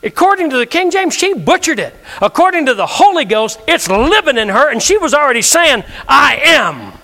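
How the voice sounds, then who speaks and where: A man's voice: very high-pitched, very animated, normal speed, bright, forceful tone. A male pastor preaching a sermon, leading the congregation in call-and-response with emphatic delivery. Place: church sanctuary.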